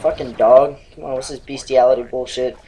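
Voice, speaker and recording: A man's voice: medium pitch, fairly even intonation, fairly quick, mellow, slight background noise, poor audio. Rambling, profane young gamer guy. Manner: rambling, profane, laughs often. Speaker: gaming channel host. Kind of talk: casual gameplay commentary.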